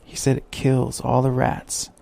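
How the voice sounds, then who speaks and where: A man voicing Alice, a polite and eager young girl, in a gentle, soothing tone. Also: medium pitch, monotone, a little slow, gravelly.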